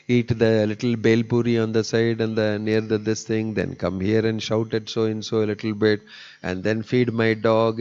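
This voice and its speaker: A monk delivers a sermon in a low voice. He tells stories with humor and rises to emphatic peaks. The recording is dull and lo-fi. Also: darkish tone. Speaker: monk giving a discourse.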